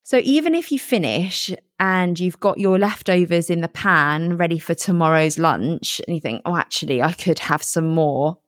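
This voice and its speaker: A woman gives steady advice as a fitness coach on a relaxed podcast chat. Her voice sits fairly low. The recording is close and dry. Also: no echo. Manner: steady, advising.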